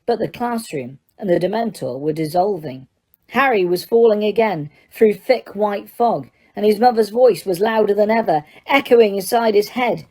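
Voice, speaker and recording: A woman narrating an audiobook in a steady, dramatic storytelling manner. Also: medium pitch, normal speed. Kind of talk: scripted narration.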